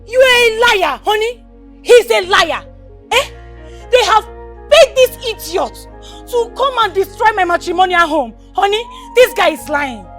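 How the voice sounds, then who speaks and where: Very high shrill wife yelling back, defiant, music behind. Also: female voice, lively intonation, unhurried, full character voice. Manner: shouting, defiant. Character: wife accused, loudly defending her marriage.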